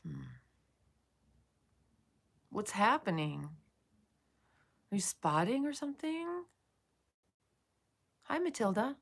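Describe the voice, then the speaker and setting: A woman's voice: medium pitch, big pitch swings, takes it slowly, creaky, long pauses. A woman streaming live, chatting casually with viewers, swearing freely and soothing them by turns. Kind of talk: casual livestream chat.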